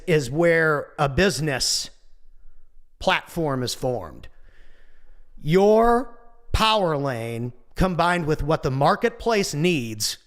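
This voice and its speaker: A man in his forties delivering a casual motivational monologue, animated and goofy, swearing now and then. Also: fairly high pitch. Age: 40s. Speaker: motivational speaker.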